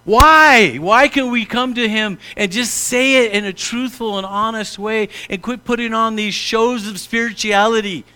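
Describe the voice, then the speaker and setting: A middle-aged man preaches from the pulpit with a bright, forceful voice that sits a little high for a man. He is animated and direct and sometimes drops into a mock-pompous prayer voice to make a point. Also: unhurried, hardly any pauses, clear, resonant tone. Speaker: pastor. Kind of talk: sermon.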